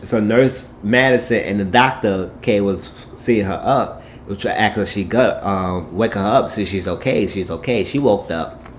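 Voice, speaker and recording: A man's voice: lowish voice, normal speed, highs cut off, a little hiss or hum. A man casually recapping a TV episode, rambling along and acting out the characters' lines as he tells it. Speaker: show recap vlogger.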